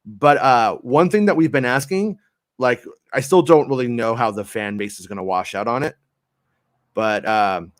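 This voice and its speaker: A man's voice: mid-range voice, moderate pace, no echo, clean studio sound. A man in his thirties co-hosting a casual review chat, telling loose joking stories and swearing casually. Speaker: podcast co-host.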